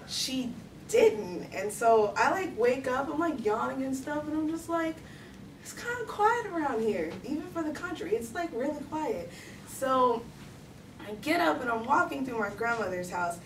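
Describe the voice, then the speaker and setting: Chatty young woman on a stage. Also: fairly high pitch. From Texas, USA. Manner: chatty, animated, heavy use of "like". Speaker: storyteller. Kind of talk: live story slam performance. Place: stage before a live audience in a hall. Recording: echoey room, distant mic, faint noise.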